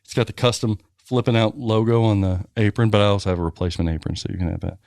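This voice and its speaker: A man co-hosting a podcast in casual chat, telling stories in a ranting, profane, animated way. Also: lowish voice, fast, vocal fry, dry recording, studio quality. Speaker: podcast co-host.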